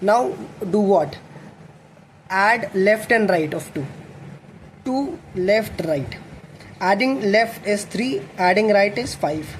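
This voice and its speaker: A man's voice: high voice, animated, slow pace, long pauses. A young man teaches a coding lesson, thinking aloud and correcting himself as he writes code. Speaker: coding tutor. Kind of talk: explaining code while writing. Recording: faint background noise.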